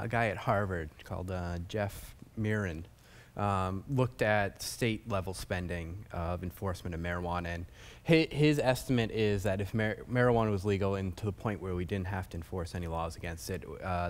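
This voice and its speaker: A man speaking as a panelist in a public forum, measured and full of filler sounds. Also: sits low.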